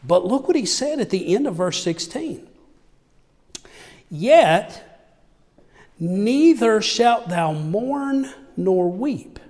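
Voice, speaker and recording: A man's voice: sits high, a little mellow, in a large hall. A man preaching a sermon, reading scripture aloud and then explaining it, and asking his listeners questions.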